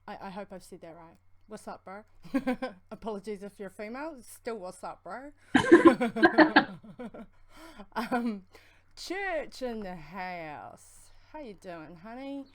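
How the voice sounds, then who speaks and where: A woman with a strong New Zealand accent co-hosting a livestream, talking fast in a rambling, friendly way. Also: medium pitch, animated. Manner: fast, rambling, affectionate shout-outs. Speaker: co-host of a vaping livestream. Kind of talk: casual livestream chat.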